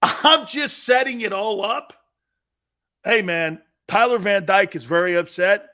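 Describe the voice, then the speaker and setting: A man hosting a sports talk show, ranting with mock excitement and sarcasm and breaking into shouts. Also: high-pitched, unhurried. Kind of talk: sports talk radio rant.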